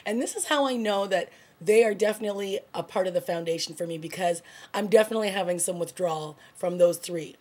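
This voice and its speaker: A woman with a slightly husky voice talks through a TV episode she just watched. She is casual and animated, gushing and tossing in filler words as she recaps scenes. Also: mid-range voice, fast talker. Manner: excited, gushing, frequent "like" and "oh my God". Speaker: TV review vlogger.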